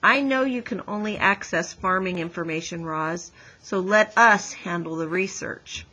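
Determined loyal young boy, storybook, earnest and resolute, bright husky tone, woman reading. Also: fairly low pitch, a little slow, heavily acted, low-quality recording.

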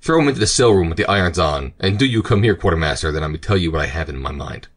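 A man's voice: low-pitched, lively intonation, fast talker. A man voicing a cruel, contemptuous male pirate captain in an audiobook, with a taunting manner. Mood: eager.

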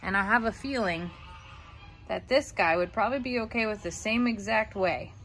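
A woman, talking in soft, cooing baby talk to her pet in a casual vlog. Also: mid-range voice, moderate pace, faint music behind, poor audio. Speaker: vlogger, pet owner. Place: outdoors on a farm. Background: faint farm ambience, geese and rain.

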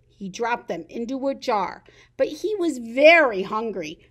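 Sing-song librarian reading to babies. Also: female voice, fairly high pitch, a little slow. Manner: animated sing-song read-aloud. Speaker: children's librarian. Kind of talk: reading picture books and rhymes to babies.

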